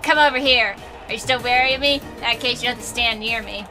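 A woman voicing a creepy, eerily calm young man from a visual-novel game, put on with an exaggerated Southern US accent. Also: fairly high pitch, quick pace, over music, close to an everyday voice. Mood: eerie calm. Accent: put-on bad Southern US drawl. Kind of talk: reading game dialogue aloud.

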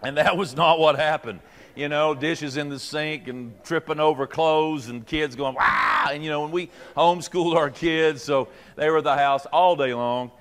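A man's voice: fairly high pitch, steady tone, normal speed. A middle-aged man, a pastor teaching leaders in a folksy, joking way with many fillers and restarts. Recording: long reverb from a hall.

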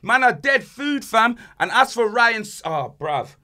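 High-voiced ranting man. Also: a little slow. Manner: animated, joking rants. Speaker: podcast host. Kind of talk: casual banter podcast.

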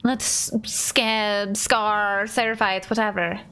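A woman's voice: medium pitch, level tone, slow, sharp tone, smooth. A woman streamer giving casual commentary on her game and chatting with viewers. She often drops into a whisper while sneaking. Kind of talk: casual let's-play commentary.

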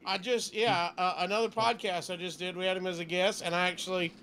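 A man co-hosting a podcast, chiming in with quick jokes and asides. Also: high voice, little pitch movement, sharp tone, clean tone. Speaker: podcast co-host. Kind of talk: casual chat.

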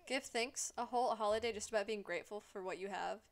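A woman's voice: mid-range voice, quick pace. A woman streamer chatting casually as she plays a life-sim game, sarcastic and swearing freely as she scolds the characters aloud.

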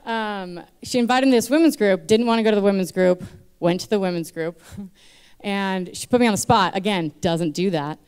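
A woman's voice: mid-range voice, normal speed, darkish tone, clear, resonant tone. A young woman in her twenties sharing a candid personal testimony on a church stage into a microphone, nervous and chatty with many fillers. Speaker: church member giving testimony.

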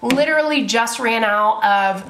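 A woman's voice: on the high side, measured pace, slight background noise. A young woman, telling a story to her camera in a casual vlog, chatty and full of swearing. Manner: chatty, swears a lot, animated retelling. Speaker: beauty vlogger.

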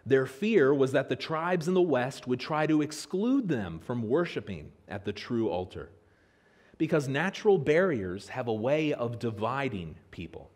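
An American man delivers a sermon as a church pastor, with a mid-pitched voice. His pitch rises and falls freely as he tells stories and builds his points. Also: a little slow. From Pennsylvania, USA. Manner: animated storytelling with lively pitch swings. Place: church sanctuary.

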